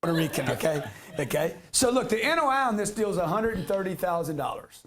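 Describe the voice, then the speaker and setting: A man's voice: sits high, very animated, quick pace, slight background noise. A man giving a live real estate seminar to an audience, brash and slangy, cracking jokes as he teaches.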